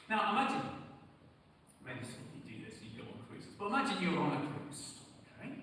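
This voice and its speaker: A man preaching a sermon in a church hall, earnest and pleading, shifting between loud emphasis and hushed, quiet lines. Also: high voice, sing-song, a little fast, slight background noise. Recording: echoey church hall from far off.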